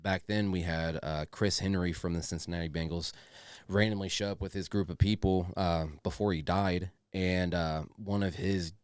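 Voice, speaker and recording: A man with a very deep voice hosts a podcast in relaxed, enthusiastic chat. He swears freely and calls everyone "dude." The sound is dry and close. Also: normal speed, clear, resonant tone, no room sound. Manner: loose and enthusiastic, swears, says "dude" a lot. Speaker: podcast co-host. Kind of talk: casual chat.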